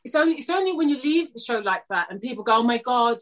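A woman guest on a talk podcast, speaking candidly about her time as an actress. Her voice sits a little high, and she keeps a loose, chatty flow. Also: lively intonation, rapid-fire, a bit bright. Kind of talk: casual podcast chat.

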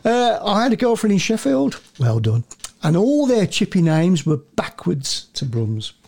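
A man chatting on a football podcast, jokey and quick to laugh. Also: sits high, sing-song, vocal fry, darkish tone. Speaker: podcast co-host. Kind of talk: casual chat.

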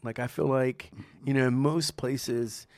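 A sommelier-restaurateur guest tells stories from his life at a measured pace in a loose interview, animated and quick to laugh, performing the dialogue of people he encountered. His pitch is ordinary and mid-range, and the sound is close, dry and echo-free.

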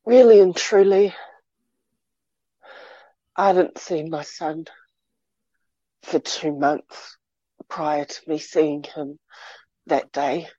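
A middle-aged woman telling a personal story in an interview, halting and repeating words as she goes. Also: low-pitched, steady tone, dark tone, slightly rough, no room sound, highs cut off. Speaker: interview guest.

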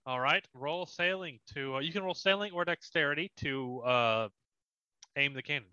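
A man's voice: on the high side, moderate pace, sharp tone, clear, resonant tone, no room sound, muffled recording. A young man narrating as dungeon master of a tabletop game, in a casual, descriptive way. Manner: descriptive, laughs often, casual.

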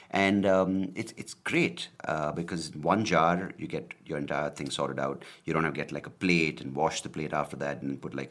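A man in his thirties hosting his own podcast, rambling casually with lots of fillers and offhand swearing. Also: a bass voice. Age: 30s. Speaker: podcast host. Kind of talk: casual solo podcast talk. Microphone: camera and podcast mic.

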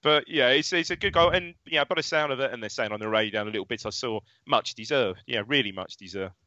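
Bright chatty man breaking down a match. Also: medium pitch, fast talker, no echo, highs cut off. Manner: chatty, laughs often, restarts sentences. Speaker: football podcast co-host. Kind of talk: casual match analysis chat.

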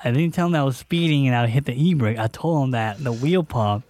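A young man co-hosting a podcast, telling a story in casual chat, animated and acting out what people said. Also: medium pitch, quick pace, no room sound. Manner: animated, acts out quotes with fillers. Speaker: podcast co-host.

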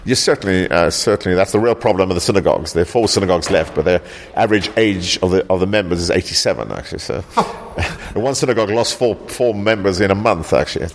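A man born in South Africa, founder of a local heritage group, answering interview questions in a halting way, repeating words and often ending with "actually". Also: low voice, a little hiss or hum.

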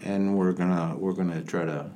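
A man playing a portly, pompous gentleman colonel, drawling and boastful on a comedy podcast. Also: low-pitched, little pitch movement, moderate pace, lightly acted. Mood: blustering. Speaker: podcast co-host. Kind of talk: comedic podcast character banter. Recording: light background noise.

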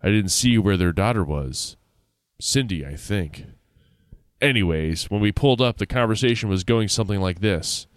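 A man's voice: fairly low pitch, expressive, normal speed, no room sound, studio quality. A man reading a spooky story aloud in a casual way, with laughing asides.

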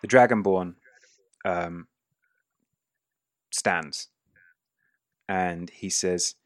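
A man narrating a tabletop game as game master in a relaxed, halting way. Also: deep voice, no echo, studio quality.

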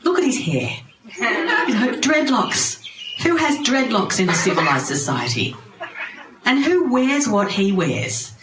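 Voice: mid-range voice, moderate pace, distant mic, lightly acted. A storyteller voicing a proud, scornful king who sneers at his daughter's chosen husband, in a room with echo and noise behind. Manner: mocking, exasperated, rising. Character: scornful proud old king, disdainful father. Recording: roomy, noisy ambience.

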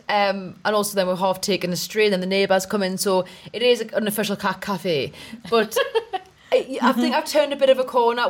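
A young adult woman, a comedian chatting casually on a podcast, rambling and laughing as she goes. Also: mid-range voice. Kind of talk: casual chat.

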